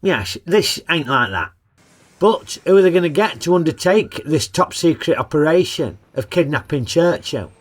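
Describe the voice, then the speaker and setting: A man's voice: a little high, animated, moderate pace. A man narrating a comic film review in a cheeky, sarcastic, colloquial way.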